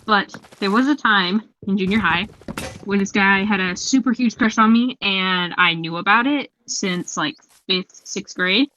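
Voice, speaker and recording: A young woman hosting a casual gaming chat, telling a story in an animated, giggly way. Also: mid-range voice, unhurried. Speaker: host. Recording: lo-fi muffled mic.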